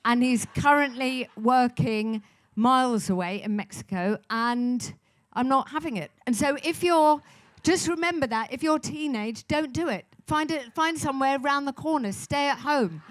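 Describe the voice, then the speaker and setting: A middle-aged woman speaks in a slightly high voice, tumbling from one aside to the next. Her talk is chatty and self-mocking, as a guest in a live stage conversation at a festival. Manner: chatty, rambling, self-deprecating with quick asides. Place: festival stage before an audience.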